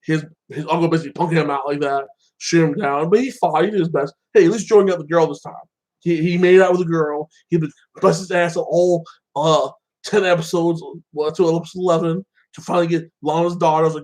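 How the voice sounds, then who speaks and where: A man's voice: a little high, fairly even intonation, fairly quick, darkish tone, low-quality recording. A man casually recapping and reviewing a show episode, rambling with lots of fillers and acting out the characters' lines.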